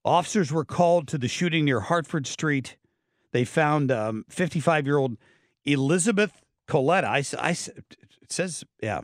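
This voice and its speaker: Speaking into a dry, close studio mic, a talk radio host gives his opinionated take on the news, sounding blunt and sardonic and tripping over fillers and restarts. His voice is a little high, with lively intonation, a moderate pace and no echo.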